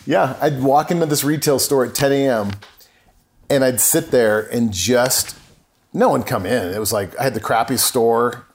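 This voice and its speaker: A middle-aged man tells a personal story as a podcast guest, earnest in manner and acting out dialogue from memory. His medium-pitched voice moves at a moderate pace.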